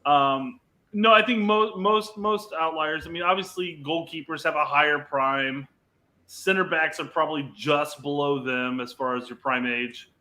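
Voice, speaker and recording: Bright-voiced man, emphatic soccer podcaster. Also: fairly high pitch, a little slow. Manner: emphatic, analytical, swears casually. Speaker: podcast co-host. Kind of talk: casual soccer chat.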